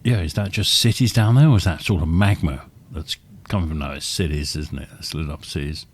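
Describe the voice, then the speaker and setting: A man's voice: extremely low pitch, brisk. A man casually commentating his gameplay live as a streamer, chatty and muttering asides to himself. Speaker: game streamer. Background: spaceship engine and vehicle noise.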